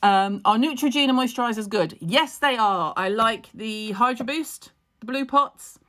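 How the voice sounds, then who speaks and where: A woman giving brisk, frank skincare advice in a casual livestream Q&A, chatty and full of ums. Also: on the high side, pushed and bright. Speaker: skincare expert answering viewer questions. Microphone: phone on a livestream.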